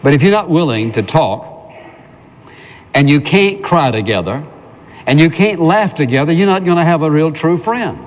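A man's voice: on the high side, lively intonation, moderate pace, long reverb tail. A male pastor preaching a sermon in a conversational way, asking the congregation questions and answering them himself.

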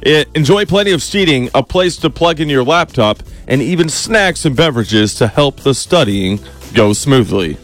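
A male radio announcer reads a community ad in an upbeat, promotional way. His pitch is average. Soft music sits in the background. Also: expressive, moderate pace. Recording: faint music underneath.

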